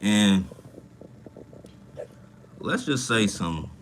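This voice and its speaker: A man's voice: on the low side, sing-song, extremely slow, a little hiss or hum. A young man hosting a casual livestream, talking in a profane, rambling way and reacting to chat comments. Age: young adult. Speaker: livestream host. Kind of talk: casual livestream talk about money.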